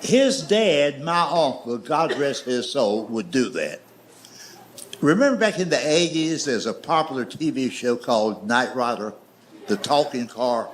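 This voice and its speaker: A middle-aged man telling stand-up stories in a slow, folksy way. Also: medium pitch, big pitch swings, a little hiss or hum. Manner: slow, drawling storyteller with folksy grammar. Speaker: stand-up comedian. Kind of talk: stand-up storytelling. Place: comedy stage with audience laughter.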